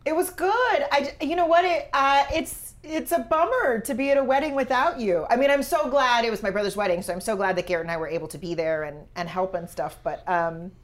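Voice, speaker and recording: A woman's voice: on the high side, a little fast, few pauses. A woman co-hosting a casual podcast, chatting and chiming in to clarify things for listeners. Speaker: podcast co-host. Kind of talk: casual conversational chat.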